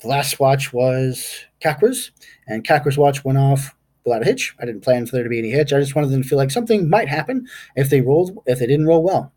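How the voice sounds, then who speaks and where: Husky game master rambling through a recap. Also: male voice, mid-range voice, fairly quick, darkish tone. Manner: rambling, stops to recall names aloud. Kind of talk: casual recap of a tabletop game session.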